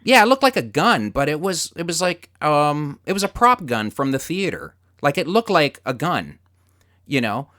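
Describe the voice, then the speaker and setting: A man hosting a podcast, telling stories in casual chat, swearing freely and getting loud as he relives his anger. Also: on the high side, moderate pace, no echo, studio quality. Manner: animated storyteller, swears freely, gets loud retelling anger. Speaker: podcast host.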